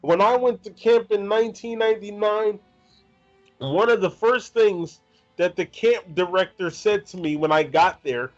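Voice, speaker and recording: A man's voice: sits high, unhurried, lo-fi sound, soft background music. A man in his thirties hosting an interview, eager and outspoken, gushing as a fan. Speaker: interviewer and channel host.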